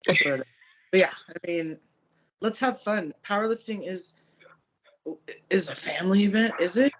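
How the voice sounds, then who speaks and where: A woman's voice: medium pitch, moderate pace. A woman chatting casually on a podcast, blunt and laid-back, swearing offhand. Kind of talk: casual chat.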